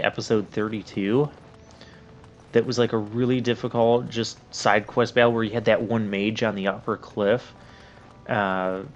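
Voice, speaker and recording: A man with a lowish voice talks over his gameplay in a loose, rambling way, trailing into side remarks. The sound is dull and lo-fi. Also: a little hiss or hum. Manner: rambling, casual, drawn-out asides. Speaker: let's play host. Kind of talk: gameplay commentary.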